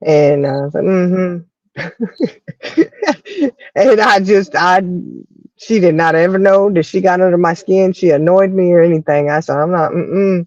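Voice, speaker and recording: A woman's voice: on the low side, animated, moderate pace, darkish tone, no room sound. A woman trades stories in easy, casual chat. She laughs often and acts out her own lines with sass. The sound is dry and slightly muffled. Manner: laughs often, quotes herself with attitude. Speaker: co-host.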